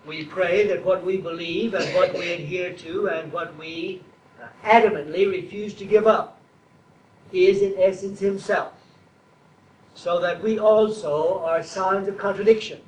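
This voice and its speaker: A man preaching a sermon slowly and deliberately, building to emphatic, repeated declarations. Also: high-pitched, steady tone, darkish tone, reverberant, distant mic, a little hiss or hum, low-quality recording. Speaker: traditionalist Catholic preacher.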